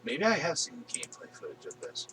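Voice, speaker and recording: Low, bright-voiced man streaming games. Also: huge pitch swings, brisk, slight background noise, low-quality recording. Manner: rambling, easygoing, lots of fillers. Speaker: streamer host. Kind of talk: casual gaming stream chat. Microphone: headset.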